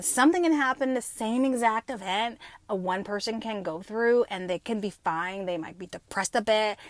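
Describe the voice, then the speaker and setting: A woman in her fifties hosting an unscripted podcast, telling stories in a profane, animated way and acting out quoted lines. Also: on the high side, no echo. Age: 50s. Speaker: podcast host. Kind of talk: unscripted casual monologue.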